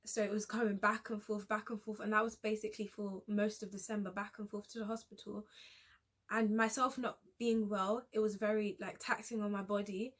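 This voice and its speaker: A young woman vlogger telling a personal story in a hesitant, halting way, often restarting her sentences. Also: mid-range voice, flat delivery, fairly bright tone. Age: young adult.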